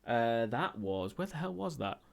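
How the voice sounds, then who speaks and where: A man's voice: mid-range voice, very animated, moderate pace, gravelly. Hesitant, rambling male streamer. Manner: rambling and hesitant, with many ums and restarts. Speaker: live streamer. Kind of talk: casual chat answering viewer questions.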